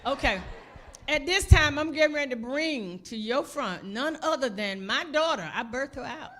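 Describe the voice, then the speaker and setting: Playful high-voiced woman on a church stage. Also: animated, normal speed, fairly bright tone, a little hiss or hum. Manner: playful, joking, chatty. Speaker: mother introducing the speaker. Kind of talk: casual stage introduction.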